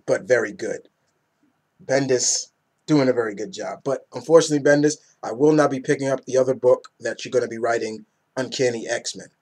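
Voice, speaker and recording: A young man with a medium-pitched voice gives a casual, rambling comic book review at a brisk pace. He gets excited and acts out the characters' lines.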